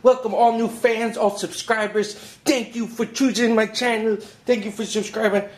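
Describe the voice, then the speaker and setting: Hyper man with a high voice. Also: normal speed. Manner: hyper, excitable, rambling. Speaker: drawing tutorial host. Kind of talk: casual drawing lesson. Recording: echoey room.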